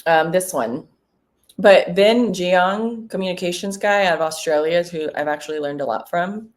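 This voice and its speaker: A woman real estate broker chatting casually in a vlog between cold calls, relaxed and full of ums. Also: on the low side, moderate pace.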